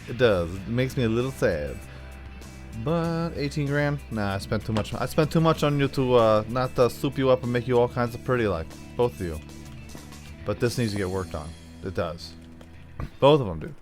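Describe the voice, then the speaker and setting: A man hosting a gaming channel, rambling casually while he plays, his throat still recovering. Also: on the low side. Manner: rambling, chatty, thinking aloud. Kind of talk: casual gameplay commentary.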